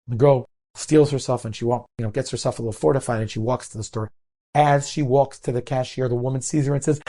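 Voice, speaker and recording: A man's voice: medium pitch, fast talker, mellow. A man, a rabbi telling a moral story in an earnest sermon style, sprinkling in Hebrew words.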